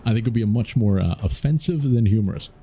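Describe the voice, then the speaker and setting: A man's voice: lowish voice, expressive, quick pace, mellow, a little hiss or hum. A man streaming a strategy game, joking playfully and laughing often as he comments on his moves. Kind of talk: casual let's-play commentary.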